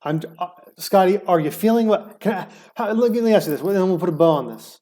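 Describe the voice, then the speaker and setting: A man co-hosting a podcast, bickering in casual chat, animated and teasing, stumbling over quick restarts. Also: sits high. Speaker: podcast co-host.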